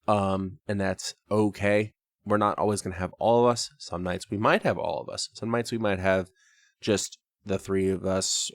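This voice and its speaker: A man with a low, gravelly voice hosts a casual talkback chat about his tabletop game. He rambles, pokes fun at himself and laughs often. The recording is dry and close. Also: dry recording. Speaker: podcast host and game master.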